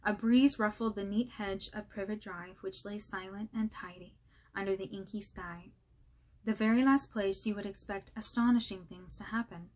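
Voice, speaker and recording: A woman's voice: medium pitch, fairly even intonation, normal speed, a little mellow. A woman casually reading a children's novel aloud, friendly and slightly hesitant, apologizing for slips. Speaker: channel host reading aloud.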